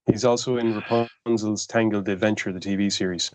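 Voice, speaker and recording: A man's voice: fairly low pitch, fairly even intonation, brisk, a loud crowd. A man co-hosting a casual podcast chat, looking things up and explaining them with dry wit. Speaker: podcast co-host.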